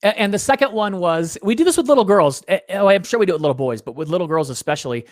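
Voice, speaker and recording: A middle-aged man tells stories in an earnest, animated way. His pitch swings widely, often sinking low for emphasis, and the sound is dry and close. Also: very fast, no room sound. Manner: earnest, animated, drops low to make a point. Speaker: interview guest, parenting author. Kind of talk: animated storytelling in an interview.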